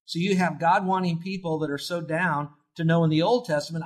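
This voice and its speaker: Middle-aged male pastor, husky, earnest conversational sermon delivery. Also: on the high side, steady tone, a little fast. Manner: earnest, conversational preaching with rising emphasis.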